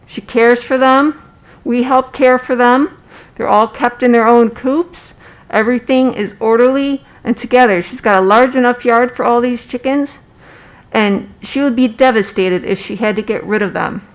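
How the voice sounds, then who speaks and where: Middle-aged woman at a town meeting, earnest and personal, kinda high voice. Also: moderate pace, low-quality recording. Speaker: resident speaking at public comment. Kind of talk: public comment.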